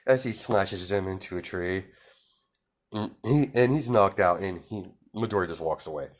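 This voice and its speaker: A man's voice: sits low, normal speed. A man casually telling an improvised story, rambling with lots of fillers and restarts.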